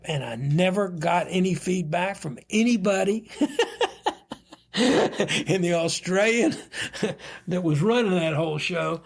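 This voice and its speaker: Gravelly-voiced older man telling stories. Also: fairly high pitch. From United States. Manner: chuckling anecdotal storyteller, acts out dialogue. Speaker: retired vice admiral, interview guest. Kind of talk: storytelling in a podcast interview.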